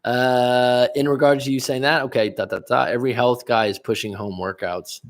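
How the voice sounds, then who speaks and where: Over a livestream webcam, a middle-aged relationship coach chats casually in a mid-range, steady voice at normal speed. He rambles, reads viewer comments aloud, and restarts his sentences a lot.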